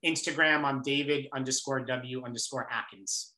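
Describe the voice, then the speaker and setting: Guest author with a New York accent, bright and emphatic, in a roomy echo. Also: male voice, medium pitch, normal speed. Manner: energetic, preachy, emphatic. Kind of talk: motivational interview talk.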